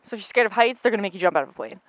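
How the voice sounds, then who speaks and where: A woman's voice: mid-range voice, lively intonation, racing, no room sound. A young woman working as a student reporter, chatty and teasing as she questions people in casual campus interviews. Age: young adult.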